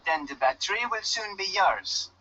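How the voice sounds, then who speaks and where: A curt island loner, put-on Jamaican lilt. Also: male voice, high voice, expressive, moderate pace, pushed and bright, full character voice. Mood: gruff. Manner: stiff and curt, no contractions. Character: guarded loner fisherman marooned on an island. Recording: dull lo-fi game audio.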